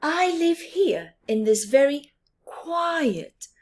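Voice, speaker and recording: A woman voicing a cheerful little mole in a read-aloud storybook, high and bright. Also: animated, drawn-out words, full character voice. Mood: eager.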